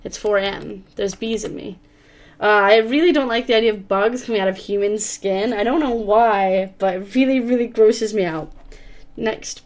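A woman hosting a let's play, quietly reading game text and adding wry comments. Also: medium pitch, moderate pace.

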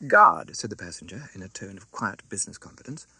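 A man reading a classic novel aloud as an audiobook narrator, with an expressive, dramatic delivery. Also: low-pitched, fast talker, slightly rough.

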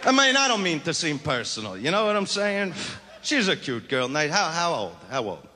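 A man's voice: a little high, very animated, moderate pace, a little hiss or hum. A man doing a crude, swaggering stand-up routine, taunting people in the front row of a large theater. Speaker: stand-up comedian. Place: large theater with a live audience. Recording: 1989 concert recording with loud crowd.

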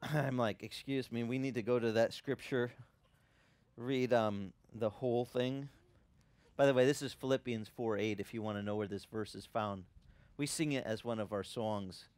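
A man preaching a sermon as a pastor, telling a personal story conversationally and growing louder and higher when impassioned. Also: fairly even intonation, normal speed, no room sound. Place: church ministry in Hawaii.

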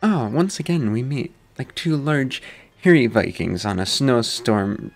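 A man reading a scheming, theatrical male magician in a florid, over-polite, mock-British manner, well above his own pitch. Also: expressive, unhurried, faint music behind. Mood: smarmy.

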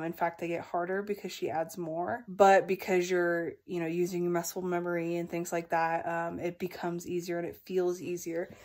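A woman's voice: mid-range voice, darkish tone. A young woman vlogs in a loose, rambling way, dropping fillers constantly. She is tired and out of breath from exercising, but she keeps chatting with the camera. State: out of breath, tired after workout. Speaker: vlogger. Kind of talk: casual vlog chat.

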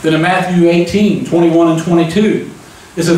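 A man preaching a conversational sermon, folksy and relaxed, often turning to the congregation with a quick "amen?". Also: on the high side. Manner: folksy, keeps asking the crowd "amen?". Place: church sanctuary. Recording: echoey church room, mic at a distance.

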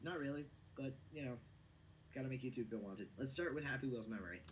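A young man hosting a web show, chatting casually and stammering through quick restarts while he plays a game on a home mic. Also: mid-range voice, a little hiss or hum, low-quality recording. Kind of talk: casual gameplay commentary. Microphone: home mic that drops in level.

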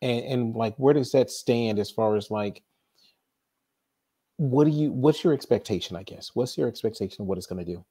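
A man hosting a live interview broadcast, agreeing often and asking halting, restarting questions. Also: medium pitch, dark tone, slightly rough. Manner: affirming, many short backchannels, halting questions. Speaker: host.

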